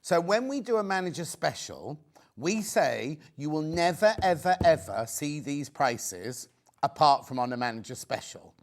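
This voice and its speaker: A man hosting a live home-shopping show, rambling excitably and pleading with viewers to buy. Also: fairly high pitch, normal speed. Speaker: shopping channel host. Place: TV studio.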